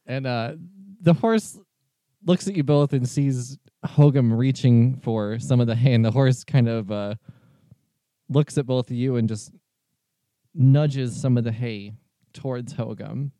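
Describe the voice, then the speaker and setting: A man running a tabletop role-playing game as game master, narrating in a relaxed way with many fillers. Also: mid-range voice, measured pace, no echo, clean studio sound.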